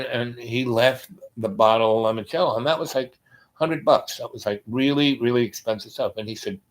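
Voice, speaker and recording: Male host, relaxed storyteller; hesitant, restarting delivery, quieter when quoting. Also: medium pitch. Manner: rambling, hesitant, with many ums and restarts. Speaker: podcast host. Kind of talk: casual personal storytelling.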